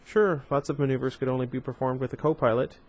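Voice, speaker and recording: A man's voice: mid-range voice, steady tone, fast talker, darkish tone. Man casually reading a novel aloud. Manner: casual, with chatty asides and self-corrections. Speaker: book reader.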